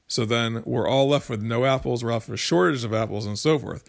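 A man's voice: mid-range voice, fairly quick, vocal fry. A man giving a casual, rambling commentary monologue to his viewers as a political commentator, often restarting sentences and explaining with homespun examples.

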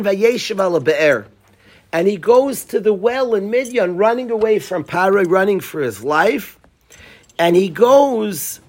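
Husky high-voiced man teaching Torah. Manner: animated, acts out quoted lines, restarts often. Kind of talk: casual Torah class.

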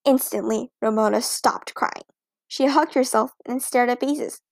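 A woman reads a children's storybook aloud with lively expression. Her voice is high and has a touch of vocal fry. The recording is close and very dry. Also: normal speed, no echo. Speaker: audiobook narrator. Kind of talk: storybook narration.

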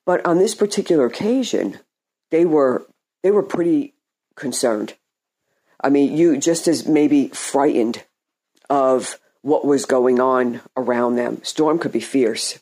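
A male preacher gives an informal sermon at an unhurried pace. His voice is mellow and warm, and he talks in a halting, conversational way. He often repeats words and starts phrases over. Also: mid-range voice.

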